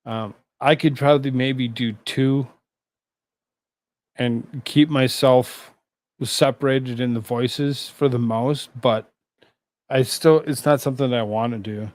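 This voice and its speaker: A man hosting a live stream, chatting casually with his viewers, rambling and halting, with many fillers and restarts. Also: mid-range voice, steady tone. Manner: talks to chat viewers between asides.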